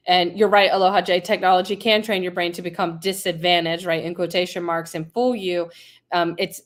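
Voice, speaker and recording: A woman hosting a casual interview, laughing often and asking long, winding questions. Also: on the low side.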